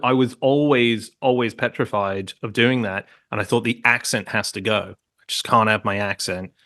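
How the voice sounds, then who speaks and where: A podcast guest from Hong Kong in his late thirties, with a mid-range, fairly bright voice, tells long stories in casual conversation. He rambles, interrupts himself, and often restarts or goes off on asides.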